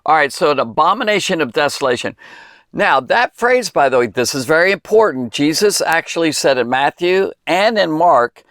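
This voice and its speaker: A man at an ordinary middle pitch teaches children the Bible in a chatty, playful way. He slows down to walk young listeners through hard words. The recording is close and dry, with no room echo. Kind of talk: casual Bible lesson for kids.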